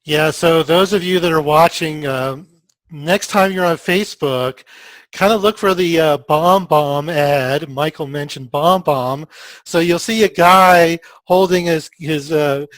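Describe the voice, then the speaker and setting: A man's voice: on the high side, a little slow, a bit bright, dry recording. A man hosting an interview, chatting in a friendly, easygoing way with fillers. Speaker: host. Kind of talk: casual interview talk.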